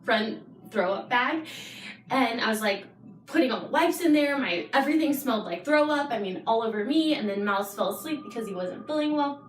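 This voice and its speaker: A young adult woman, a podcast guest, telling a personal story in casual chat with lively bursts and frequent laughter. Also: on the high side, fairly quick. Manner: animated storyteller, laughs often. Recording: roomy, distant mic.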